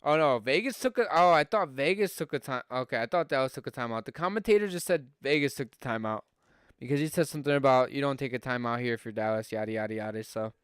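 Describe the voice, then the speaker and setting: A man's voice: medium pitch, lively intonation, fast talker, clear, resonant tone, dry recording, clean studio sound. A young man from Buffalo with a Western New York accent, a podcast host doing casual live hockey play-by-play on a stream, chatty with fillers and rising on scoring chances.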